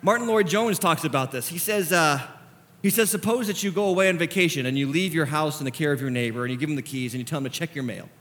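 A man preaching a sermon as pastor, passionate, swinging between hushed reflection and near-shouting. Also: on the high side, fast.

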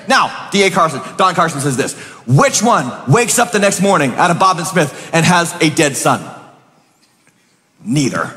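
A man preaching a sermon as pastor, swinging between booming declarations and hushed, conversational asides. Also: very animated, normal speed, big-room sound.

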